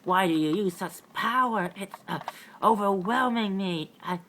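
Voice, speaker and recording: A man's voice: sits high, unhurried, pushed and bright, slight background noise, voice pushed up, heavily acted. A man voicing an overwhelmed psychic being in a fan-made superhero audio drama, crying out in a strained, distant voice.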